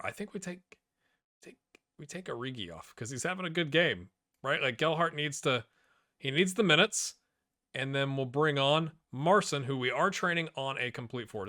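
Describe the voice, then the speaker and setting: Guy doing let's play commentary, gets all worked up yelling at his players, bright voice, real dry close mic. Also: mid-range voice, dry recording. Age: middle-aged. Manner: excitable, talks to players on screen. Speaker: gaming YouTuber.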